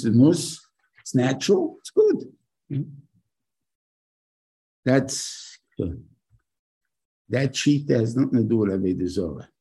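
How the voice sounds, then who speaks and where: An older rabbi teaches an informal class, talking casually and asking his listeners questions. His voice is dark, gravelly and husky. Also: on the low side, low-quality recording. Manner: conversational, asks the listeners rhetorical questions. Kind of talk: informal Torah lecture.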